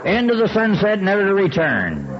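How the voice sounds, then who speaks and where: A man's voice: high-pitched, wildly swooping pitch, moderate pace, slight background noise. Wry folksy older man, lo-fi recording. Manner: wry, folksy, clears throat often. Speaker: speaker sharing his recovery story. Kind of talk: humorous storytelling talk.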